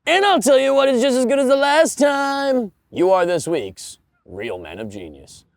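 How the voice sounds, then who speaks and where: A man putting on an overblown, drawn-out announcer voice, saluting someone in mock grandeur as a parody. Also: fairly low pitch, sing-song, a little mellow, dry recording, voice pushed down. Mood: mock-heroic.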